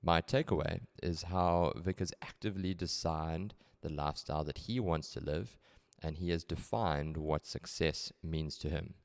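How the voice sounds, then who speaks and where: Upbeat host, low voice. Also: male voice, moderate pace, gravelly, few pauses. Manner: upbeat, enthusiastic interviewer. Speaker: podcast host. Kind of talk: casual podcast interview.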